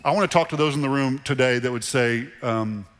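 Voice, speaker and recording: A middle-aged man preaching a sermon to a church congregation in a conversational, animated way, repeating phrases for emphasis. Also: medium pitch, fast talker. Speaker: pastor. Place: church sanctuary. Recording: long reverb of a large hall. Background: congregation in the room.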